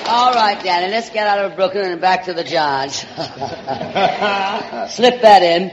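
A woman's voice: lowish voice, slow pace, dull audio. A woman hosting a 1940s radio comedy show, theatrical and drawling, calling her guest darling. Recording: hissy old radio broadcast with reverb.

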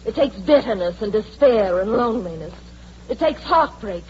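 Actress as a defiant young dancer who wants to act. Old radio play, light hiss. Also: female voice, mid-range voice, animated, moderate pace, darkish tone, lightly acted. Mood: bitter. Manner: earnest, rising to bitter intensity. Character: young woman dancer hungry to act, proud and stubborn. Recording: dull old recording with faint hiss.

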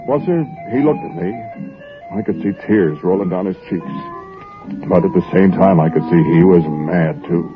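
A man's voice: sits low, normal speed, natural voice. A man playing the angel Gabriel, telling a story with a folksy rural drawl over music. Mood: folksy, indignant. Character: angel Gabriel, bewildered folksy male messenger. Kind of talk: comic spoken-word monologue over music. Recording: tinny lo-fi old record with music behind.

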